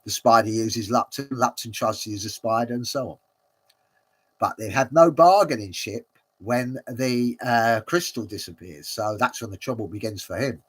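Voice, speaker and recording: A man's voice: medium pitch, normal speed, a bit bright, breathy edge. A man hosting a watch-along, commenting casually and rambling with many fillers and frequent chuckles.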